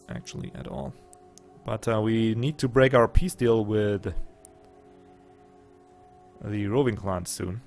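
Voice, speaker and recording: Let's-play gamer, man with a German accent, mid-pitched, muttering his plans aloud over faint music. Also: darkish tone. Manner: thinking aloud, muttering asides to himself. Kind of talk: casual strategy game commentary.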